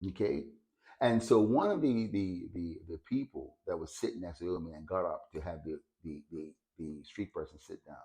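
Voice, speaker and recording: Male storyteller, casual and hesitant, lowish voice, repeats words often. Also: normal speed, warm tone. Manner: hesitant, repeats words while finding them.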